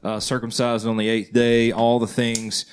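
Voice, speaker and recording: A man's voice: mid-range voice, completely flat delivery, normal speed, crowd noise. A man co-hosting a Christian podcast, talking earnestly in a loose conversational way and checking in with the others. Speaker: podcast co-host. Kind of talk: casual Christian podcast chat.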